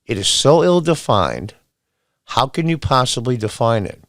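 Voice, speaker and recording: A man's voice: mid-range voice, very animated, normal speed, no room sound. A man delivering a commentary monologue with a blunt, exasperated edge and plenty of sarcasm. His voice sits mid-range and sounds dry and close, with little room around it. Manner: reads quotes aloud, then rants back at them. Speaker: podcast host.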